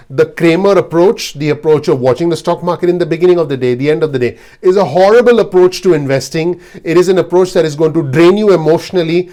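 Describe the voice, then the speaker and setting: A man's voice: on the high side, a little mellow. A man giving blunt, earnest investing advice straight to his video audience. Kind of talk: direct-to-camera advice talk.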